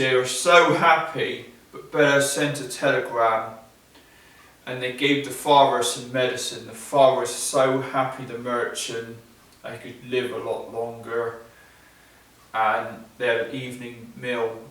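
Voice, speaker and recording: A male storyteller narrates a fairy tale at a live event, in plain, repetitive sentences broken by pauses. He speaks very slowly, and the sound booms around a large echoey hall, caught from well away from the mic. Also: a bit bright, distant mic. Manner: simple, repetitive phrasing with pauses.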